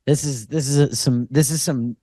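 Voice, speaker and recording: A man co-hosting a comedy podcast who laughs a lot and throws in quick crude jokes. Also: mid-range voice, fairly even intonation, dark tone, dry recording. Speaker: podcast co-host. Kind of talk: casual comedic chat.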